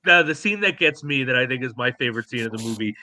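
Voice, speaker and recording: A man's voice: medium pitch, animated, fast, sharp tone, no echo. A man co-hosting a podcast, amused and laughing often as he retells a favorite movie scene. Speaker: podcast co-host. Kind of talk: casual movie chat.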